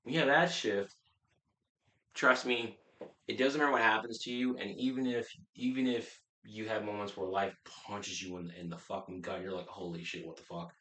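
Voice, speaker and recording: A low-voiced man coaching his viewers in a blunt, profane way. He talks emphatically, restarts his sentences and repeats points for weight. The room around him is echoey. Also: normal speed, pushed and bright, slight background noise. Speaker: life coach. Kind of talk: casual motivational talk to camera.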